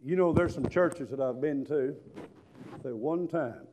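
A man preaching a sermon, telling stories and breaking into shouted hallelujahs. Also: mid-range voice, a little slow. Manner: emphatic storytelling, bursts into shouted hallelujahs.

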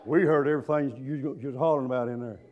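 A man's voice: medium pitch, quick pace, dull audio, pitched below the performer's own voice, natural voice. A man voicing his wife as she chides him, quoted in a sermon. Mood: chiding. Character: preacher's wife, scolding gently.

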